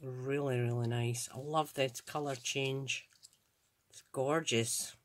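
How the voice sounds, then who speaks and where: A woman with a very deep, steady voice speaks at a slow pace. She's from Scotland and hosts a crafts channel, where she casually unboxes craft supplies, thinking aloud and gushing admiringly over them.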